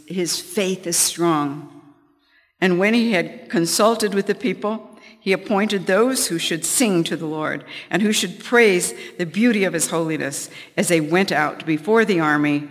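A woman's voice: low voice, a little slow, in a large hall. A middle-aged woman giving a conversational Bible teaching, telling personal stories with chatty restarts. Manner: chatty storytelling, frequent restarts, light laughs.

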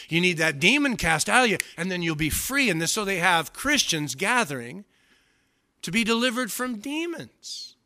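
Emphatic preacher man with a bright voice. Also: high voice, very animated, moderate pace. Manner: emphatic, repeats words for stress. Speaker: pastor. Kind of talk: sermon.

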